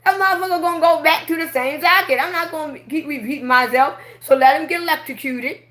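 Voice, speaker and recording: Woman livestreamer, late-night storytime; bright, sharp tone, animated and heavily profane delivery. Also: sits high, fast talker. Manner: profane, emphatic, animated ranting. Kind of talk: casual late-night storytelling on a live stream.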